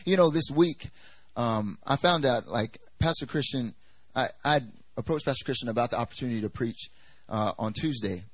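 A young man preaches a sermon at a church service in a loose, conversational way, full of "like" and "you know," and acts out the voices he quotes. His voice is mid-range at a moderate pace. The audio is poor, with no room sound.

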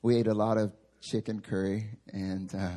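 A man's voice: on the low side, level tone, normal speed, warm tone. A male pastor giving a sermon in a church sanctuary, telling humorous, self-mocking stories.

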